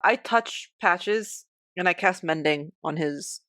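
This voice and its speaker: A woman playing a tabletop game sounds upbeat and keen to help. Her voice sits at a middle pitch. The recording is dry and close. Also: slow, fairly bright tone, dry recording. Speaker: player. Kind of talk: casual tabletop play.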